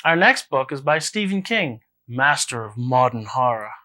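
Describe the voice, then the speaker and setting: Deadpan man hosting a mock book review. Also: medium pitch, normal speed. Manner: dry, deadpan delivery of satire.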